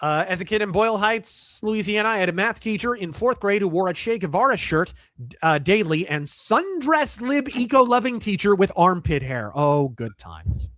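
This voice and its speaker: A male streamer with a noticeably high voice reads chat and news aloud and fires back blunt, profane, wry remarks. The sound is close and dry, with almost no room around it. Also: big pitch swings, moderate pace, fairly bright tone, dry recording. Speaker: streamer host. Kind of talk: livestream commentary, reading chat and articles aloud.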